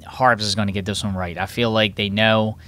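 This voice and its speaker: A man co-hosting a sports podcast in casual chat. He talks in an excitable, rambling way, with many restarts. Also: fairly low pitch, a little fast. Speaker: podcast co-host.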